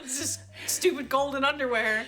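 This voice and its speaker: Laughing high-voiced woman co-host. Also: steady tone, normal speed, bright, forceful tone. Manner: joking interjections, laughing. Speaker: podcast co-host. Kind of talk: casual chat.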